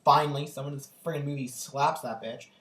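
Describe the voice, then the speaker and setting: A man's voice: mid-range voice, quick pace. A young man recounts his day in an eager, gushing way, piling on fillers as he goes. His voice sounds roomy and echoing. He seems to be sitting some way back from the camera mic. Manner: gushing, animated storytelling with many fillers. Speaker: vlogger. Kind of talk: casual storytelling vlog. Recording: echoey room, distant from the mic.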